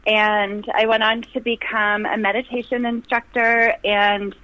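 A middle-aged woman, a life coach calling in as a radio guest, who talks with bright enthusiasm and laughs easily. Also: medium pitch, little pitch movement, measured pace. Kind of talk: upbeat radio interview. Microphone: telephone. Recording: dull phone line.

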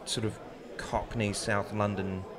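A man with a New Zealand accent telling animated anecdotes in a casual chat. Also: on the low side, slow, crowd noise.

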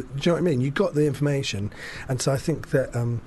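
A man talks through a casual chat in a loose, rambling way, full of asides and swearing. His voice sits at an ordinary pitch for a man. A faint hiss of noise runs underneath. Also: quick pace, hardly any pauses. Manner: rambling, animated, swears freely. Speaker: podcast host.

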